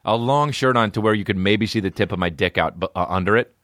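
A male comedy podcast host speaks quickly in a lowish, fairly bright voice, recorded dry with clean studio sound. His talk is crude, rambling comic chat, profane and mocking, as he drops to mumbles and then erupts in outbursts.

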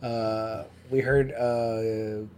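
A man's voice: fairly low pitch, very slow. A man hosting a podcast, chatting casually and telling stories with lots of filler words. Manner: animated storyteller, many filler likes. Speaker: podcast host. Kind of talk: casual chat.

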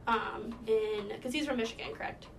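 A woman's voice: a little high, steady tone, normal speed, slight background noise, low-quality recording. A young woman from Minnesota, cohosting a podcast, telling a story in casual chat with lots of fillers and giggles. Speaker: podcast co-host.

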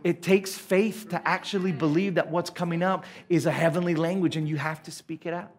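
An Australian man preaching in a high, bright voice. He is earnest and emphatic at a church service, and he slips in light, playful asides. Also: fairly even intonation, brisk. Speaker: pastor. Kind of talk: sermon.

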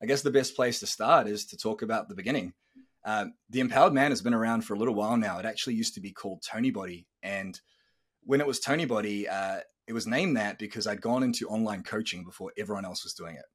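A man's voice: on the low side, fast, a bit bright, husky. A man in his thirties hosting a podcast, telling a personal story in a candid, earnest way and swearing casually. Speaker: podcast host.

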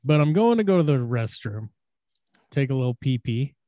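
A man's voice: mid-range voice, big pitch swings, normal speed, dry recording, studio quality. Profane young man telling a crude story. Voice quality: loose and profane, acts out shouted quotes. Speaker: podcast co-host.

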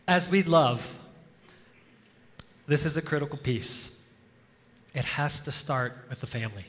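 A man's voice: medium pitch, fairly bright tone. A male pastor preaching an informal, conversational sermon, telling stories and chuckling often. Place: church hall before a congregation. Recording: long reverb of a church hall.

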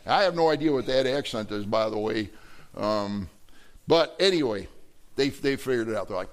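Speaking at a normal speed and a medium pitch, this middle-aged man from Wisconsin gives a sermon as a pastor. He brings his stories to life by voicing the characters he's quoting.

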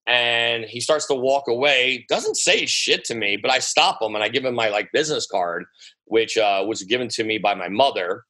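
American man, guest DJ, New sound, bright voice, animated storyteller who swears freely, casual interview telling. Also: medium pitch, normal speed, rough recording. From United States. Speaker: guest DJ and producer.

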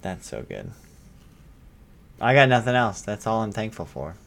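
This is a man with a fairly low voice, chatting casually on a podcast. He is laid-back and encouraging, and drops in quick reactions. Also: vocal fry. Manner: relaxed, encouraging, short interjections. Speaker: podcast co-host. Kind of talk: casual chat.

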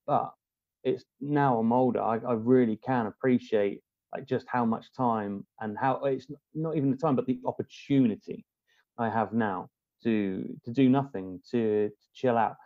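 A man, a podcast guest, talking in a rambling, halting way with many restarts. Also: mid-range voice, dry recording, narrow, tinny audio. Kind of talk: casual conversation.

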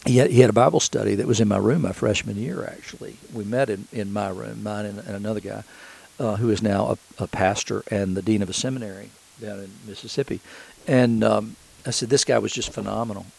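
A middle-aged man giving a sermon, retelling a scripture story in a conversational way with halting restarts. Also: on the low side, creaky, darkish tone, husky, rough recording.

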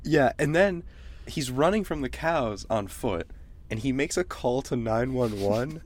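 A man co-hosting a casual comedic movie chat, dropping dry, deadpan jokes. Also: medium pitch, unhurried. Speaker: podcast co-host.

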